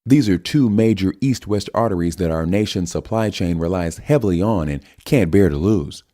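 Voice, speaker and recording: A man voicing a composed male senator, earnest and measured. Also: deep voice, warm tone, pitched above the performer's own voice, close to an everyday voice.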